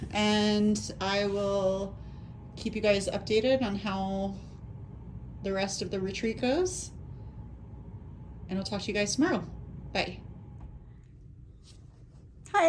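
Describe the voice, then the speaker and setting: A woman's voice: medium pitch, a little hiss or hum. Casual woman vlogger, self-deprecating storyteller, phone-camera talk. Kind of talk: casual vlog chat.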